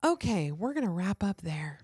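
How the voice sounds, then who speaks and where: A woman's voice: lowish voice, big pitch swings, normal speed, a little mellow, husky, dry recording, clean studio sound. A young adult woman hosting a podcast, giving earnest, pleading relationship advice in casual chat, full of "like" fillers, with a runny nose. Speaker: podcast host.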